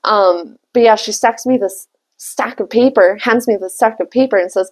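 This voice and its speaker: A woman's voice: mid-range voice, moderate pace, darkish tone. A woman telling a personal story in a candid, chatty way, swearing freely and laughing often. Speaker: tarot reader and vlogger. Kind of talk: casual storytelling.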